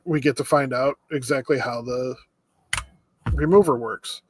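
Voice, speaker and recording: A man co-hosting a podcast in casual chat, recapping the plot in a steady, easygoing way. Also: mid-range voice, unhurried, a little hiss or hum. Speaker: podcast co-host.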